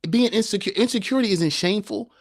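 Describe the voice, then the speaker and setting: He's a podcast host giving a live-streamed motivational talk, with a high voice and rapid delivery, recorded at studio quality with no echo. Emphatic like a preacher, he keeps throwing out rhetorical questions.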